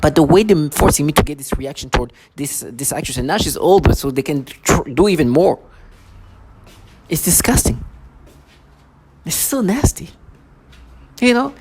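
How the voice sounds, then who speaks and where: A man's voice: fairly high pitch, darkish tone, a little hiss or hum. A man talking to camera in an agitated, rambling monologue, often repeating and restarting his phrases. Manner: agitated, repetitive, many restarts. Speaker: vlogger.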